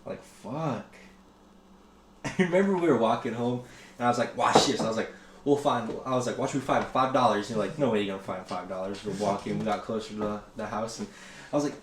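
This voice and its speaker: A young man casually telling old stories on a podcast, rambling and swearing, loudly acting out what people said. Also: mid-range voice, brisk. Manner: rambling, profane, acts out quotes loudly. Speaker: podcast host. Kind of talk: casual storytelling chat. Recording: echoey room with faint noise.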